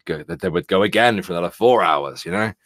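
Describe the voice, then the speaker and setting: A man with a London accent co-hosts a casual live stream, his low voice recorded close and dry. He answers chat with dry, teasing remarks and rambling stories. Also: fast talker, fairly bright tone, no echo. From England. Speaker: co-host of a live stream show.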